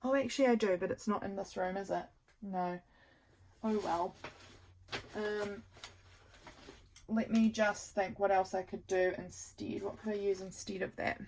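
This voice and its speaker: A woman's voice: medium pitch, fairly even intonation, unhurried, vocal fry, long pauses, a little mellow, slight background noise, low-quality recording. A woman vlogger chatting casually as she works on a craft project, thinking aloud and poking fun at her own mistakes. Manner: thinks aloud while working, rambling and self-deprecating.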